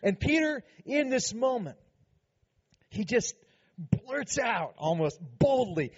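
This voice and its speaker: A man's voice: extremely high pitch, sing-song, takes it slowly, highs cut off. A man preaching a sermon as pastor, earnest and emphatic, with frequent conversational asides.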